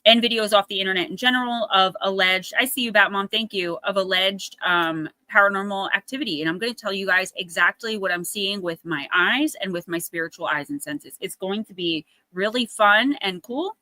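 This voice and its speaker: A woman's voice: mid-range voice, brisk, hardly any pauses, bright, forceful tone, dry recording, rough recording. A woman hosting a live oracle card reading stream, telling a story in casual, chatty talk and acting out what people said. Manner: chatty storytelling, acts out quotes in a raised voice. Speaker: oracle card reader and livestream host.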